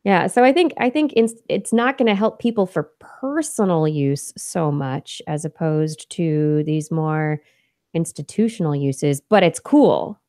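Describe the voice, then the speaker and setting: Woman, podcast co-host, science news chat, mellow voice, dry close sound. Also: low voice, animated, unhurried, dry recording. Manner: explains research details with laughs and fillers.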